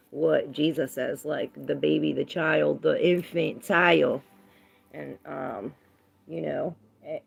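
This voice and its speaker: Woman, tarot reader, casual livestream chat, rambling, greets viewers by name, gravelly voice, lots of fry. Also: low voice, a little hiss or hum.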